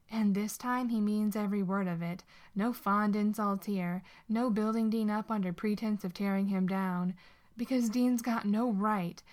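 A woman narrates a story aloud at a middle pitch. Her reading is steady and expressive, and she keeps an even storybook pace.

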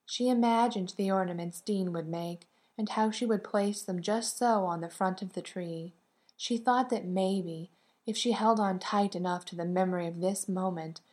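Woman audiobook narrator, lowish voice, calm and gentle, even pacing. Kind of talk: scripted narration of a romance novel.

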